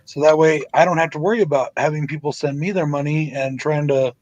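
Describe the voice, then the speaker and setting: A man's voice: fairly high pitch, fairly even intonation, brisk, no echo, lo-fi sound. A man hosting a casual live stream chat, blunt and swearing freely. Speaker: host.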